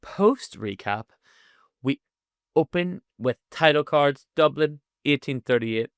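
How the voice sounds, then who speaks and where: Sweary animated man, smooth dry voice. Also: a little high, slow, no room sound. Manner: animated, sweary, laughs often. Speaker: podcast co-host. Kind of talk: casual chat recapping an episode.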